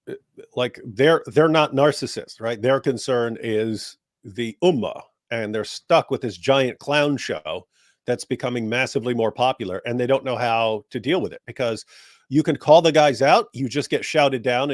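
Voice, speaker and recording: A man's voice: mid-range voice, dry recording, clean studio sound. Blunt, combative male co-host. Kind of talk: casual chat.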